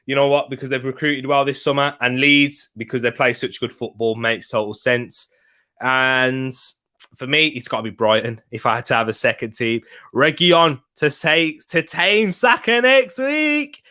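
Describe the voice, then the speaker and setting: A man hosting a football watch-along live stream, chatting casually, reading out viewers' messages and shouting excitedly when a goal goes in. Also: mid-range voice, moderate pace. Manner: chatty, reads chat aloud, bursts into shouting at goals.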